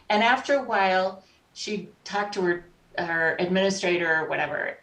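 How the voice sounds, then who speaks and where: A woman who works as a life coach, appearing as a podcast guest, tells stories in a lively, conversational way and acts out the voices of people she met. Her voice is mid-range and her pace moderate. She sounds distant from the mic, with a roomy echo.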